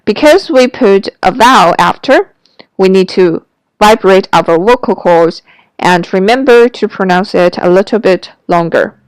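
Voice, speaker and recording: Clear-voiced woman teaching pronunciation. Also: medium pitch, expressive, unhurried, no echo, rough recording. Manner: clear, careful demonstration of sounds. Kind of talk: scripted language lesson.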